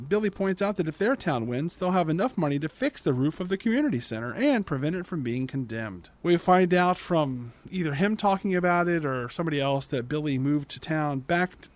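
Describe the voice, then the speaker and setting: A man hosting a podcast, recapping a movie plot in a casual, chatty way, often restarting and correcting himself mid-sentence. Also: fairly high pitch. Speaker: podcast host.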